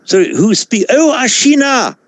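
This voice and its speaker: A man teaching a Sanskrit class over a video call, explaining pronunciation in a measured way with frequent self-corrections. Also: very high voice, very animated, a little hiss or hum. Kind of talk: online class lecture.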